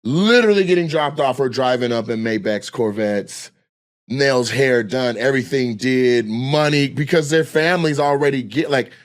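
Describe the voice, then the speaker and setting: A guest comedian from Washington State tells a story in casual, animated, profane chat, acting out other people's voices. His voice is medium-pitched and his speed normal.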